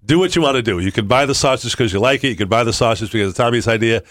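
A man hosting a sports radio show in casual chat, halting with fillers and restarts. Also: medium pitch, a bit bright, no echo, studio quality. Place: radio studio. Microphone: studio mic.

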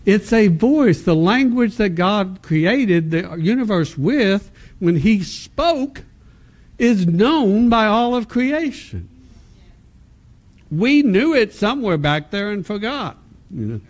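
A man's voice: sits high, slow. A man preaching at a conference, telling a personal testimony with laughter and acted-out dialogue, often restarting his words. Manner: animated storytelling, acts out dialogue with laughter; stammering restarts when speaking reflectively. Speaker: conference speaker.

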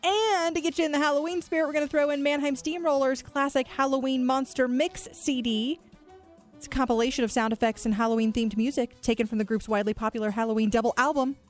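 A bubbly woman co-hosting morning radio, her voice sitting high and bright with cheer. She laughs easily and talks fast through the station chatter. Faint music plays under her in the studio. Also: fairly even intonation. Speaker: radio morning show co-host. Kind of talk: upbeat morning radio chat. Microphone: studio microphone.

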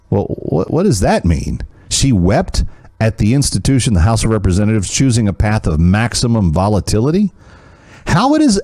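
A man's voice: medium pitch, darkish tone, dry recording, studio quality. A man hosting an opinion commentary show, talking in a sarcastic, mocking way with restarts. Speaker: political commentary host.

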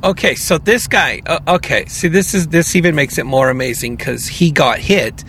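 A man's voice: fairly high pitch, normal speed, fairly bright tone, a little hiss or hum. A male podcast co-host in casual chat, incredulous and rambling, often restarting his thoughts.

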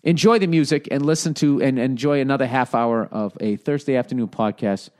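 Male podcast host, mid pitch, casual and profane, exasperated comic rants. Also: fairly quick, a little mellow. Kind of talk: casual comedic rant.

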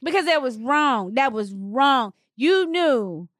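A woman in her thirties telling a personal story to her viewers in a casual, animated way, with big swings in her voice for emphasis. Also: slow pace, no room sound, studio quality. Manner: animated, expressive, swings pitch widely for emphasis.

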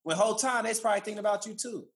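A man's voice: high voice, racing, fairly bright tone, slightly rough. A man co-hosting a podcast, talking in a laid-back, reflective way and telling his own stories. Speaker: podcast co-host. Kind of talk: casual chat.

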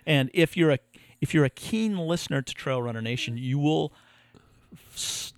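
A man co-hosting a podcast, telling a story in a casual, animated way and acting out what others said. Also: fairly high pitch, normal speed, dry recording, clean studio sound. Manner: animated, laughing storyteller who acts out quotes. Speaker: podcast co-host.

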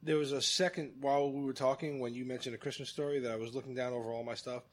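A man's voice: mid-range voice, fairly even intonation, quick pace. A man hosting a podcast in casual chat, playful, laughing often and swearing casually. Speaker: podcast host.

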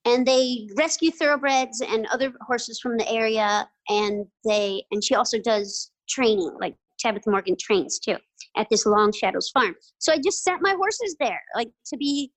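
A woman's voice: fairly high pitch, normal speed, no echo, poor audio. A woman in an interview, telling stories in a chatty, casual way, with lots of "like" and "you know" and frequent laughter. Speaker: interview guest. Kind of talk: casual storytelling.

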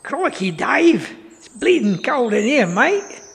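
A Scottish man doing a shouting mock-Aussie wildlife presenter. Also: very high-pitched, sing-song, slow, creaky, big-room sound, voice pushed up, exaggerated voice. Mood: excited. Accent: mock Australian. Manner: shouting, gushing, exclamatory. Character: brash excitable male Australian wildlife presenter.

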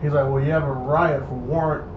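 A young man telling a casual story, animated and acting out the people in it. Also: fairly high pitch, brisk. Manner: animated, acts out voices in his story. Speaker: storyteller guest. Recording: echoey dull room with noise.

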